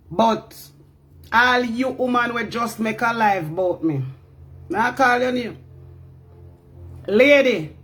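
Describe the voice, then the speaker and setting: A middle-aged woman with a Jamaican accent, angrily ranting on a livestream, often shouting and repeating herself. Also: on the high side. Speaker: livestream talker. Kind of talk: heated livestream rant.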